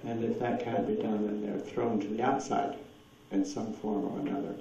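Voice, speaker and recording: A man's voice: lowish voice, little pitch movement, normal speed, vocal fry, dark tone, distant mic. A man telling anecdotes at a presentation and taking audience questions, rambling and chuckling often as he acts out quoted voices. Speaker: speaker at a presentation. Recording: dull echoey hall recording from afar.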